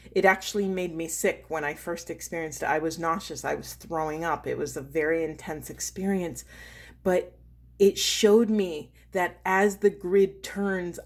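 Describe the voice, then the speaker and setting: A woman, a spiritual coach, doing an intuitive card reading in an earnest, slow and emphatic way, pausing to feel for her words. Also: lowish voice, darkish tone.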